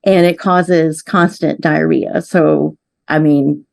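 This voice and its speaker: A woman's voice: low-pitched, fairly even intonation, slow pace, gravelly, darkish tone. A woman guest in an interview, candidly telling a personal story in a chatty way. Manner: candid, chatty, frequent affirming yeahs.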